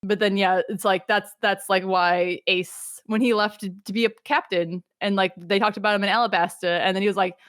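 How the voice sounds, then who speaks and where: A woman's voice: medium pitch, steady tone, fairly quick, hardly any pauses, a bit bright, no room sound, clean studio sound. A young woman hosting a podcast, chatting casually and animatedly, peppering her talk with "like" and slipping into silly character voices. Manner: heavy use of filler "like". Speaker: podcast host. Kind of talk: casual chat.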